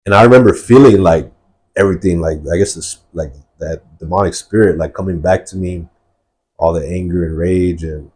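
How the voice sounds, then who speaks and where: A man with a low, dark voice tells his life story in a podcast interview. He talks earnestly and rambles, with a husky edge and many fillers. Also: normal speed. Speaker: guest sharing testimony. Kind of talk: personal testimony in a podcast interview.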